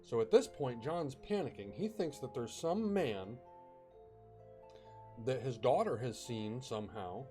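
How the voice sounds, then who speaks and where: A man's voice: medium pitch, lively intonation, a little slow, dark tone, faint music behind. A man casually telling a ghost story, chatty, with fillers and bursts of dramatic emphasis.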